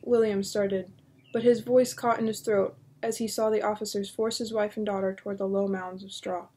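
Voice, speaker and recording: A woman reading a horror novel aloud in a steady, measured narration. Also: mid-range voice. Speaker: audiobook reader.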